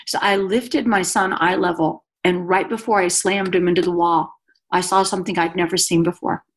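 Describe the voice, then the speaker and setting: A woman's voice: fairly low pitch, steady tone, moderate pace. A woman guest telling a personal story on a podcast in an earnest, confessional way. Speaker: guest author and speaker.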